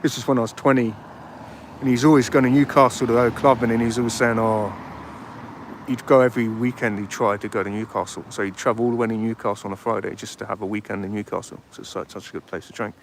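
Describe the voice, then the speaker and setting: A man talks in a loose, rambling way, chatting to his viewers and reading their comments aloud. His voice sits on the low side. He is outdoors by a street, with faint traffic noise behind him. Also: steady tone, fast talker. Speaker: livestream host. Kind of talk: casual live commentary.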